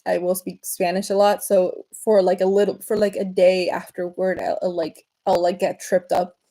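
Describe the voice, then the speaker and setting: A woman's voice: lowish voice, flat delivery, normal speed, mellow, rough recording. A woman from Venezuela, chatting casually on her livestream, rambling with many fillers and restarts. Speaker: livestream host.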